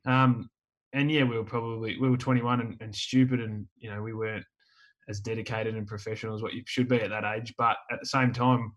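An Australian man in his thirties, a former footballer, telling rambling stories in a relaxed chat. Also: fairly low pitch, fairly quick, muffled recording. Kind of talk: casual storytelling chat.

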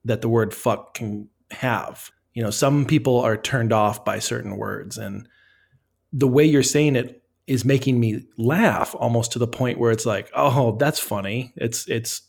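A man's voice: medium pitch, unhurried, creaky, darkish tone. A man interviewing people, curious and thoughtful, openly amused by the answers. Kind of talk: casual interview questions.

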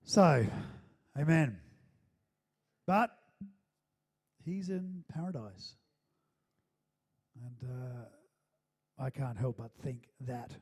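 A man's voice: mid-range voice, extremely slow, long pauses, husky. A male pastor preaching a sermon and praying with his congregation in a conversational style, with frequent calls of "amen?" and casual fillers and restarts. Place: church hall with congregation.

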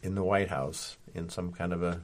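Laid-back, low-voiced man. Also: fairly even intonation, moderate pace. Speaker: podcast co-host. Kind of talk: casual chat.

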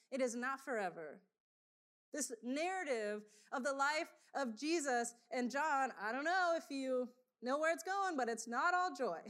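A woman giving a sermon to a congregation, conversational and animated, telling personal stories and laughing often. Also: high-pitched. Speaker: preacher.

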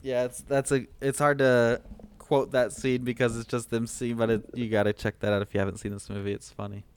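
A man's voice: medium pitch, flat delivery, fairly quick, clear, resonant tone. A man co-hosting a podcast, casually recapping a film, laughing easily and trailing off with ums. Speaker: podcast co-host.

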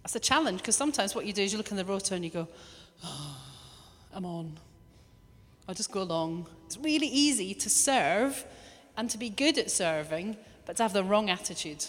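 A woman preaching a lively sermon, now and then acting out little quoted voices. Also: mid-range voice, fast. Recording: long hall reverb.

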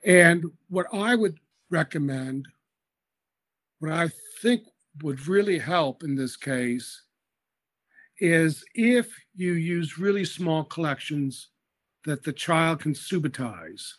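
A man's voice: on the high side, animated, takes it slowly, a bit bright. A man being interviewed as an education expert, explaining methodically and patiently with small hesitations.

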